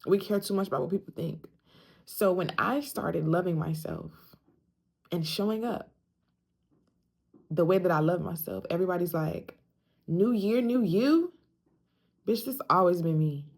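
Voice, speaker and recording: A woman's voice: lowish voice, normal speed, creaky, pauses often, a little mellow, breathy edge. A young woman talking casually straight to camera, emphatic and slangy, often repeating lines for emphasis. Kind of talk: casual self-talk vlog.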